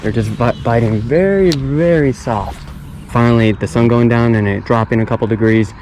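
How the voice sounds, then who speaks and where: A man's voice: mid-range voice, normal speed, darkish tone, a little hiss or hum, rough recording. Laid-back young man fishing outdoors. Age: young adult. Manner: laid-back, repeats phrases, chatty. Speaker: fishing vlogger. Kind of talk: casual vlog commentary. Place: outdoors at a pond. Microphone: action camera.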